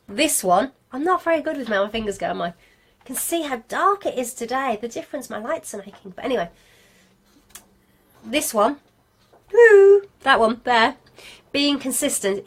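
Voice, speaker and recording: Chatty Brummie woman teaching a live class. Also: on the high side. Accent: Birmingham English (Brummie). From England. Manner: chatty, lively and self-deprecating, talking to viewers. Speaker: craft business marketing teacher. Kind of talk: live-streamed video class. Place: home studio with lights, indoors.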